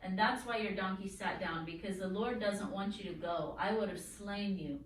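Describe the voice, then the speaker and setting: A woman's voice: mid-range voice, normal speed, distant mic, a little hiss or hum, natural voice. A woman voicing a stern angel rebuking a traveller, in an echoey room.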